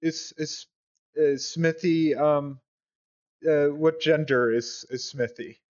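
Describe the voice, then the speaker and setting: A man's voice: fairly high pitch, fairly even intonation, takes it slowly, a little mellow. Man, tabletop player, hesitant, lots of ums, dull lo-fi sound. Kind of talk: casual tabletop play.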